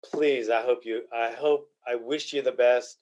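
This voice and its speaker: A man's voice: medium pitch, fairly even intonation, a little slow, a little mellow. An older man hosting a casual podcast, talking in a blunt, rambling, repetitive way. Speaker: podcast host.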